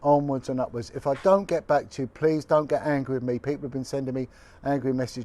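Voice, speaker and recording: A man's voice: mid-range voice, fairly even intonation, quick pace, warm tone. A man, a former detective giving a blunt, indignant, colloquial video update. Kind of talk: impassioned direct-to-camera update.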